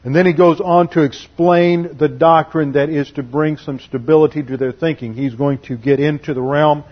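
A husky-voiced man preaches an expository Bible lesson at a measured, deliberate pace, slowing down to lean on key phrases. The recording sounds dull and lo-fi. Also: a little high, steady tone. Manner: measured, deliberate teaching delivery with slowed emphasis on key phrases. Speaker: pastor. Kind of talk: expository Bible teaching sermon.

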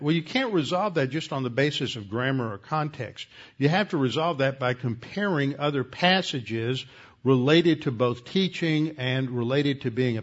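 A man at a middle pitch, teaching a Bible lecture in a steady, explanatory manner and correcting himself as he goes. The recording sounds a bit dull and muffled. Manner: measured, explanatory, self-correcting.

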